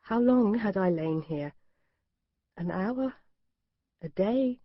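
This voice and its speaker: A woman's voice: mid-range voice, animated, slow pace, no echo. A woman reading a thriller aloud, in tense first-person narration. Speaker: audiobook narrator. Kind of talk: scripted narration. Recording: dry, slightly dull studio.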